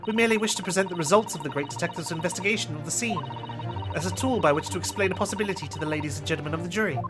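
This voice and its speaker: A man's voice: sits high, racing, loud music behind the voice, pitched above the performer's own voice, lightly acted. A man voicing a polite, earnest young female legal assistant in a game, speaking formally.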